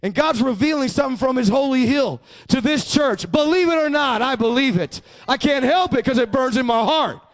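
Pastor, male, high voice, emphatic sermon delivery with call-and-response prompts to the congregation. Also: moderate pace, few pauses.

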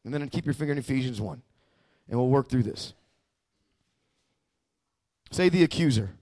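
A man's voice: mid-range voice, lively intonation, moderate pace, warm tone. A male pastor preaching a sermon, emphatic and prompting the congregation to repeat after him.

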